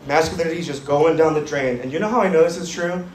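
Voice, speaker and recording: High-voiced gay comic, deadpan and edgy. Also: male voice, fast talker, slight background noise. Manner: deadpan, edgy, self-mocking delivery. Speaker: stand-up comedian. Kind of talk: stand-up comedy set. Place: comedy club stage with live audience. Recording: roomy club sound from far, crowd laughter.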